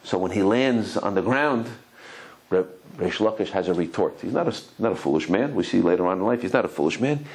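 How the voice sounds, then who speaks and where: A man, a rabbi, giving a Torah lecture, telling stories animatedly, often repeating and restarting words, and acting out quotes with sudden high cries. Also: fairly quick, poor audio. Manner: animated storytelling, acts out quotes with high exclamations.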